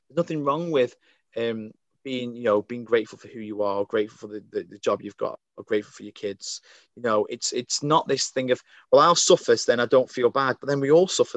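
A man's voice: mid-range voice, fairly quick, dry recording. A man from Crewe with a northern English accent, chatting animatedly as a podcast guest and coaching from home. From Crewe, England. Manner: chatty, animated, jokey storyteller. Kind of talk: casual podcast chat.

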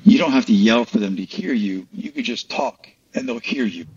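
A man's voice: lowish voice, very animated, normal speed, creaky, darkish tone, husky. A man as an interview guest, explaining his faith earnestly in casual conversation. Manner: earnest, explanatory, many restarts. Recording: distant, muffled lo-fi audio.

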